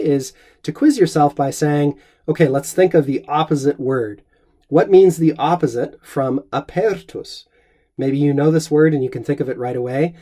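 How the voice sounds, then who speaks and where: Man, middle-aged, mellow tone, slightly high voice, calm encouraging Latin teacher. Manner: measured and encouraging, reads Latin aloud slowly. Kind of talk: scripted Latin lesson.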